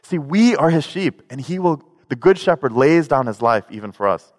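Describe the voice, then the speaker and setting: A man's voice: on the high side, lively intonation, moderate pace. Man preaching conversationally in a reverberant hall. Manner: conversational, joking storytelling. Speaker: pastor. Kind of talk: sermon.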